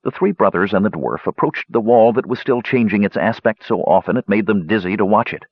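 Guy reading a fantasy audiobook, dull dry recording, expressive. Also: lowish voice, fairly quick, breathy edge, no room sound. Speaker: audiobook narrator. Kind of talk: dramatic fantasy audiobook narration.

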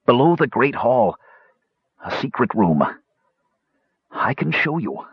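Man voicing a wounded old soldier, weak, gasping, faltering, husky, slow. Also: mid-range voice, sing-song, no room sound, highs cut off, pitched above the performer's own voice, heavily acted. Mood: frightened.

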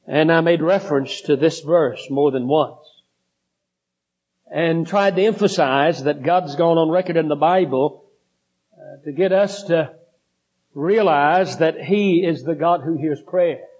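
A man preaching a sermon, slow and deliberate, building in intensity. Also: on the high side, a little mellow, husky. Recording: dull lo-fi recording.

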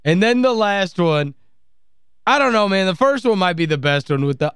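A man's voice: sits high, expressive, normal speed, a bit bright, clean tone, no echo. A man hosting sports talk radio, gleeful and mocking as he plays clips. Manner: gleeful, mocking, laughs often.

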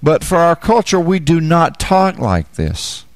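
A man's voice: fairly high pitch, big pitch swings, unhurried, no room sound. A man preaching a Bible teaching sermon, repeating key phrases and asking the listeners questions.

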